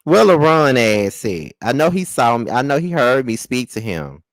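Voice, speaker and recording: A man hosting a live celebrity gossip chat, sassy and animated, scolding with sudden high exclaims and drawling "child" and "honey". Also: normal speed, no echo. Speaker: gossip show host.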